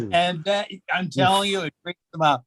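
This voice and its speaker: An older man doing a self-mocking stand-up set at an open mic, with deadpan delivery and halting fillers. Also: high-pitched. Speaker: stand-up comedian. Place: small comedy club.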